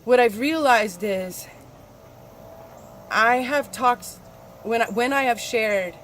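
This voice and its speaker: A woman talking candidly in a personal spiritual vlog, confessional and swearing freely, her voice swinging between soft and loud. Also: on the high side, slow pace, a little hiss or hum. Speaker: spiritual vlogger.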